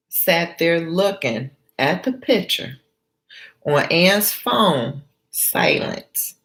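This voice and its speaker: A woman doing motivational storytelling in an animated way, with chatty asides to her viewers. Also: on the low side.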